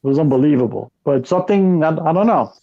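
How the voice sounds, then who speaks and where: A fairly high-voiced man talks in an emphatic, casual way, stacking repeats and curse words. The recording sounds dull and lo-fi, with its top end muffled. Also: animated, fast. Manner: emphatic, repeats himself, swears freely. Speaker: podcast co-host. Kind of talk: casual chat.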